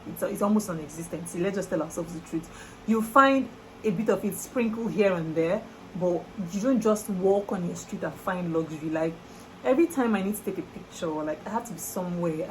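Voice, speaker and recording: A young Nigerian woman with a Nigerian accent chatting to camera in a lively, exclamatory vlog style. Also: mid-range voice, slight background noise, low-quality recording. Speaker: vlogger. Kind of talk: casual chat to camera.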